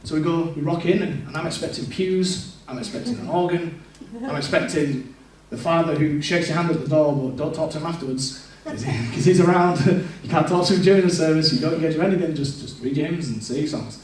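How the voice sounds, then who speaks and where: A man's voice: a little high, brisk, hardly any pauses, a little hiss or hum. A man giving a candid personal testimony in a church service, telling his story and acting out what he said back then. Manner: candid, storytelling, quotes his past self. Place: large echoey church hall. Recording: echoey church hall, distant mic.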